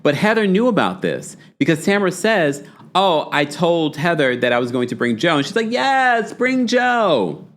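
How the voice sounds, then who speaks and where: A man's voice: on the high side, normal speed. A young man hosting a reality TV recap show, talking in a casual, gossipy way and acting out quoted lines. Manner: animated and gossipy, with exaggerated quoted voices. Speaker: podcast host recapping reality TV.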